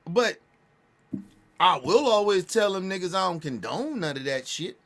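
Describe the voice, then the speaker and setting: A man talking casually and bluntly, repeating and restarting his phrases, with emphatic jumps in pitch and loudness. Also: expressive, moderate pace. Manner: blunt, repetitive, restarts phrases, profane slang. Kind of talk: casual street talk commentary.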